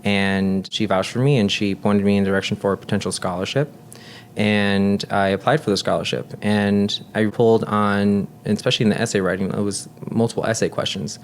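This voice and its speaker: A man in his thirties, a nurse and guest, telling personal stories in an earnest, talkative way and dropping soft and low when he reflects. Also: level tone, brisk, a little hiss or hum. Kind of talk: casual chat.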